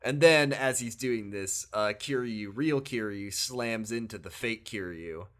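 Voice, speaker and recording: This podcast co-host has a lowish voice and takes his time. Laughing and animated, he casually recounts a video game story and performs the characters' lines himself.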